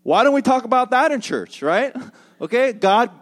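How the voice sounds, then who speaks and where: A man preaching a sermon as pastor, animated and joking in a conversational way. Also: extremely high pitch, normal speed. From United States.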